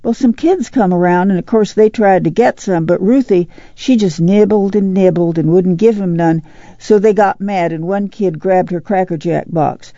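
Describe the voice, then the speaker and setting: Male reader voicing a young country boy, higher and hurried, dry lo-fi audiobook. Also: dark tone, no echo. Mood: breathless. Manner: rushed, tumbling storytelling.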